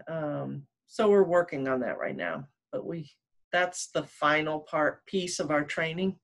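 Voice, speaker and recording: Low-voiced woman trainer, hesitant. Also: measured pace. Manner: hesitant, searching for words, many ums. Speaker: trainer, guest. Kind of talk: casual video-call interview.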